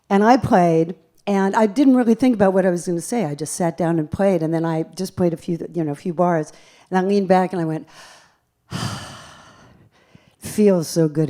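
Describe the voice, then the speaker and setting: Woman, jazz pianist, stage banter, fairly low pitch, animated, self-mocking humor, theater stage mic. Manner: lively, chatty, self-deprecating humor. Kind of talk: on-stage storytelling between songs. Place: theater stage at a live concert.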